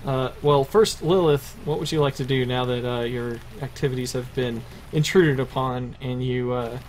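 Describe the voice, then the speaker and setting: A man narrating a tabletop game as game master, halting often with fillers. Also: mid-range voice, a little hiss or hum. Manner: hesitant, filler-heavy narration.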